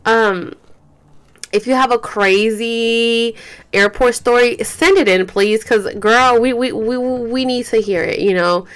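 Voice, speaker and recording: Speaking slowly in a fairly high, clear, resonant voice with a touch of brightness, a woman rambles through casual podcast chat as host. She sounds tired and yawns, often says "like" and "you guys," and curses occasionally.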